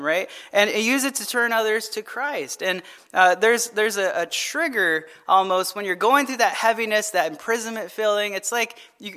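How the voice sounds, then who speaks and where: A man preaching a sermon as pastor, in a conversational, animated storytelling manner that often checks in with "right?". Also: sits high.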